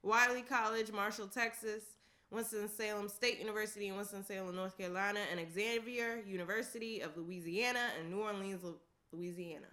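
A woman with a bright, forceful voice reads through a long list in a relaxed, casual way. She keeps a steady rhythm, laughs often, and drops in offhand asides. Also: medium pitch, a little fast. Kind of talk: casual reading of a list aloud.

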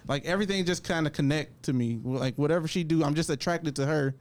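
A man's voice: fairly high pitch, quick pace, darkish tone. A man co-hosting a casual podcast chat, rambling and circling back to the same point. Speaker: podcast co-host.

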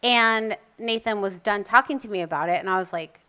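A young woman recounts a story about her son in loose, casual conversation. Her voice is bright and forward, and she keeps dropping in "like" while acting out the dialogue. She sits at a middle pitch for a woman. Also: brisk, clear, resonant tone. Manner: animated, acts out quotes, says "like" often. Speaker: mother of an autistic son.

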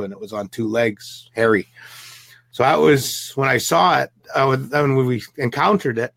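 Gravelly, husky-voiced male storyteller. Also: mid-range voice, fairly bright tone, no room sound. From Pacific Northwest. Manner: vivid storyteller acting out the people he quotes. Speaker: guest. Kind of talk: storytelling an encounter.

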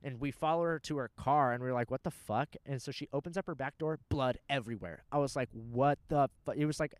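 A man's voice: mid-range voice, quick pace, smooth, no echo. A young man telling rambling, profane stories in casual chat. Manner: animated, profane storyteller.

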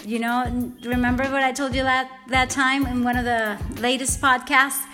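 High-voiced woman giving heartfelt pep talk. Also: flat delivery, normal speed, sharp tone, faint music behind. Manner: heartfelt, rambling, earnest. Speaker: podcast host. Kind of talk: off-the-cuff motivational podcast talk. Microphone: podcast microphone.

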